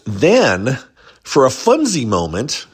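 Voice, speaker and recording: A man's voice: mid-range voice, huge pitch swings, takes it slowly, husky. A man hosting a casual reality show recap, rambling and chatty, lifting his voice whenever he quotes someone.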